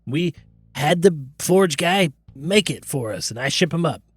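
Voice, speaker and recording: A man's voice: on the high side, expressive, measured pace, husky, no echo. A man voicing a nervous, defensive male gang underling who stammers and rambles as he pleads.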